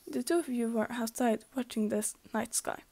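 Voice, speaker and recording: A woman's voice: a little high, moderate pace, dark tone. A young woman reading a fanfic aloud in a casual, amateur way, stumbling and restarting, sometimes slipping into a whisper. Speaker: fanfic reader.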